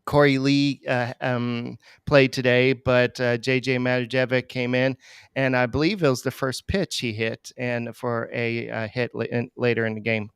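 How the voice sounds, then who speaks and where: A man with a mid-range voice co-hosts a baseball podcast, talking loosely with plenty of fillers and restarts. His voice is very smooth and clean, and the recording sounds dry and close. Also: mid-range voice, level tone, moderate pace, dry recording. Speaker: podcast co-host. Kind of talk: casual sports podcast talk.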